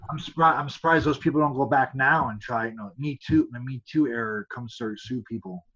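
A man's voice: mid-range voice, fairly quick, pushed and bright, breathy edge, dull audio. A man, a former fighter, telling rambling stories as a podcast guest, stumbling and restarting often and acting out other people's lines. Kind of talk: casual storytelling.

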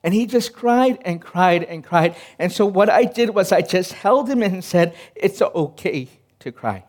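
A man's voice: high voice, moderate pace. A man, a pastor in his thirties, preaching a sermon and telling a personal family story in an earnest, conversational way.

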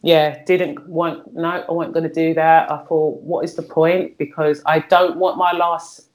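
A middle-aged woman with a notably low voice talks candidly as a guest. She is frank and earthy, often doubling back on her words, and she keeps a plain conversational tone. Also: flat delivery, measured pace, a little mellow. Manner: frank and earthy, repeats words while searching for them.

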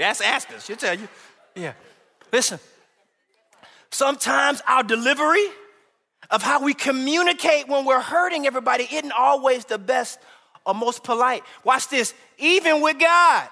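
A man preaching a sermon as associate pastor, animated and humorous, calling out to the congregation. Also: very high-pitched, normal speed, creaky, big-room sound.

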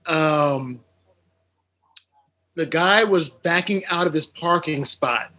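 Man guest on video call, hesitant storyteller, bright tense voice, slightly high. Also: slow pace. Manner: hesitant, many ums. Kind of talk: storytelling on a podcast.

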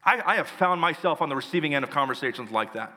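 A man preaching a sermon as pastor, telling a story earnestly and reading scripture slowly with emphasis. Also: a little high, lively intonation, sharp tone, in a large hall.

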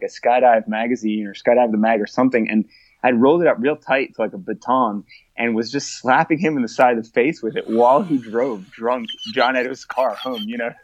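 Young guy, animated storyteller with lots of laughs and swearing, dull dry lo-fi sound. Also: medium pitch, dry recording. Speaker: guest telling stories. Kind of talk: casual chat.

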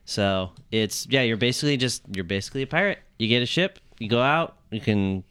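A man's voice: mid-range voice, lively intonation, brisk, a bit bright, smooth. A man guest who streams games, talking casually with short laid-back answers. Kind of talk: casual chat.

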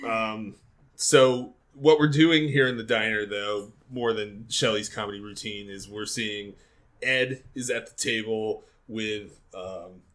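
A man's voice: on the low side, fairly even intonation, slow pace, fairly bright tone. Joking, rambling male podcast co-host. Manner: rambling, joking, swears, laughs often. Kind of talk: casual chat.

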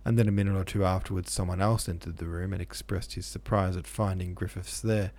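Man narrating a classic novel, low pitch, gravelly fry, steady measured reading. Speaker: podcast host and audiobook narrator.

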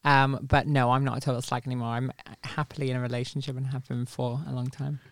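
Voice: medium pitch, level tone, fast, dry recording, clean studio sound. A co-host on a casual podcast, effusive and full of exclamations.

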